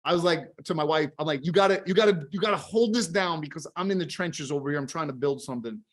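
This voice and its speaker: Energetic, high-voiced man telling his story. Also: fast talker. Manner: energetic, tags sentences with "right?". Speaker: guest, company founder. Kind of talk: casual interview chat.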